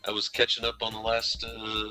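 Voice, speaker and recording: A man co-hosting a casual podcast, talking in halting bursts with lots of fillers. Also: lowish voice, monotone, sharp tone, faint music behind. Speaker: podcast co-host. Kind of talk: casual chat.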